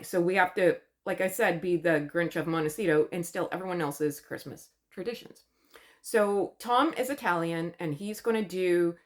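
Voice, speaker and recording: A woman from Canada giving a gossipy, sarcastic recap of a TV show, chatty and mocking. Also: on the low side. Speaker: commentary vlogger.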